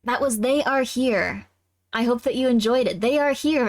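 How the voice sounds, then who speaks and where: A woman's voice: sits high, moderate pace, no room sound. A young woman livestreaming a game, chatting and giggling with her viewers. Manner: giggly, chatty, talks to chat. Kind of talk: casual live gameplay chat.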